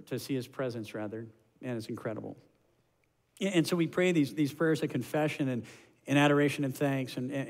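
A man's voice: mid-range voice, darkish tone. A middle-aged man preaching a conversational, self-deprecating sermon as pastor, often stumbling over and repeating words as he starts sentences. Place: large church auditorium. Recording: long hall reverb.

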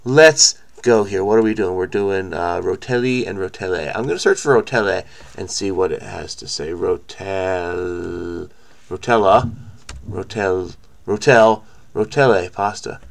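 A man's voice: low voice, a little slow, vocal fry. A man hosting a crossword video, thinking aloud in a frenetic, rambling way, with frequent restarts and stammers. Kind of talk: casual think-aloud commentary.

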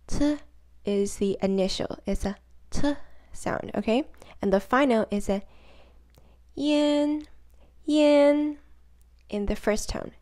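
Slow-talking woman giving a casual tutorial. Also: mid-range voice, darkish tone. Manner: rambling, filler-heavy, repeats words for emphasis; sounds out syllables and tones slowly. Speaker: language-learning vlogger.

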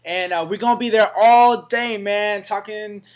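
Hyped slangy man, high voice. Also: fairly even intonation, unhurried. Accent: Northern California. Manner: hyped, slangy, peppers lines with "man" and "baby". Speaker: fitness vlogger. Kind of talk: casual vlog to camera.

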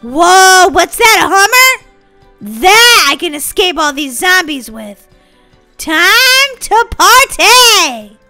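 A woman's voice: very high voice, very animated, slow pace, bright, forceful tone, faint music behind. A woman hosting a gaming channel, giving bubbly, giggly, silly let's-play commentary.

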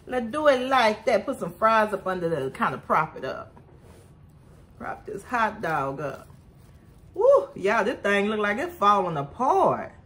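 Lady doing a food vlog, talks slow, bright lively voice, keeps saying y'all. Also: medium pitch. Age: adult with a son. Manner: chatty, keeps addressing viewers as y'all. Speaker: food vlogger. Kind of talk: casual eating vlog.

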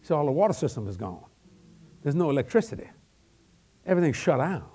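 An older male evangelist delivers a sermon full of humorous, homespun stories. His voice sits a little higher than most men's, and his telling is animated and folksy. He often doubles up words as he builds each story. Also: fast, husky. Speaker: evangelist preacher.

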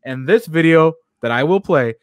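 A man's voice: on the high side, lively intonation, moderate pace, smooth, dry recording. A man co-hosting a sports talk radio show, telling a funny story through laughter. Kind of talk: casual show banter.

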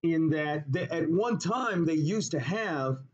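Jokey male chemistry teacher lecturing, fairly high voice, muffled lo-fi sound. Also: slow. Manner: animated, jokey, asks the class questions. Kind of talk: classroom lecture with storytelling.

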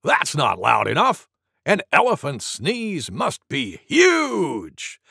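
A man voicing a gruff, grunting female wild boar in a storybook. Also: on the high side, wildly swooping pitch, slow, pushed and bright, dry recording, clean studio sound, exaggerated voice.

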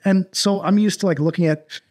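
A man's voice: high-pitched, fairly even intonation, brisk, a little mellow. A man hosting a podcast in loose, rambling casual chat, full of fillers and restarts. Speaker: podcast host.

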